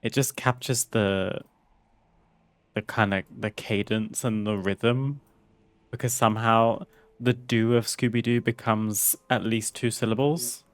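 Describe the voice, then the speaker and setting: A man's voice: on the low side, fairly even intonation, a little slow, no echo. A man streaming a video game, chatting casually with viewers, laughing often and reading game text aloud. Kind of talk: casual gameplay commentary.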